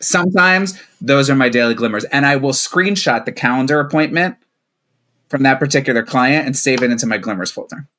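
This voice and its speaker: A man's voice: mid-range voice, fairly quick, sharp tone. A middle-aged man, a coach appearing as a podcast guest, speaking conversationally with joking asides. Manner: conversational, self-deprecating asides. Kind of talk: casual chat.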